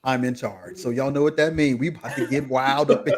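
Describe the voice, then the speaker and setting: A man's voice: medium pitch, steady tone, fairly quick, slightly rough. A man hosting a podcast recap, playful and drawling. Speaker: podcast host. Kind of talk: casual recap chat.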